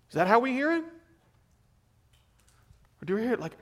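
A male preacher with a high-pitched voice delivering an earnest sermon. He pushes some lines out with emphasis, then drops to a near murmur on others. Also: big pitch swings, moderate pace, long pauses. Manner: earnest, swings from emphatic to very quiet.

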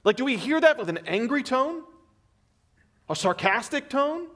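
A man preaching a sermon earnestly, swinging between emphatic lines and very quiet, drawn-back phrases. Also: very high-pitched, big pitch swings, moderate pace.

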